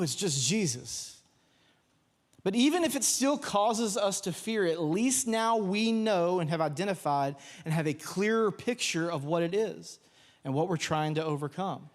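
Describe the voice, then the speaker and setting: A young pastor with a slightly high voice preaches a sermon from the stage of a church sanctuary. His storytelling is animated, acting out voices and shouting out quotes.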